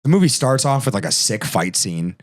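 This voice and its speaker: A man's voice: medium pitch, sing-song, brisk. A man with a Philadelphia accent, ranting animatedly and profanely in casual comedy podcast chat, laughing often. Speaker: comedian guest.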